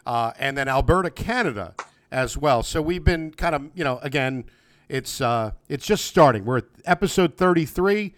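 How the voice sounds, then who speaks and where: A man's voice: a little high, expressive, normal speed, a bit bright, a little hiss or hum. A man hosting a podcast, talking casually and rambling with friendly fillers and restarts over a remote call. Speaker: podcast host. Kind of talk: casual interview. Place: home, remote video call.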